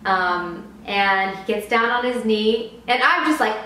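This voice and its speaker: A young woman vlogger telling a personal story in a chatty, excited way with frequent laughs, recorded in a very echoey room. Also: mid-range voice, slow pace, background noise. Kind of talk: casual storytime.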